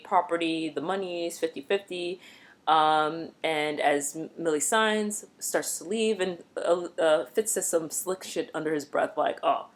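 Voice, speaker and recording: A woman vlogger giving a casual, expressive recap of a TV episode, chatty and blunt. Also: on the low side.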